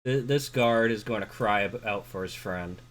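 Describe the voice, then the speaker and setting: Low-voiced game master, matter-of-fact. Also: male voice, normal speed, fairly bright tone. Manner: matter-of-fact, calls out dice results. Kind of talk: narrating a tabletop game.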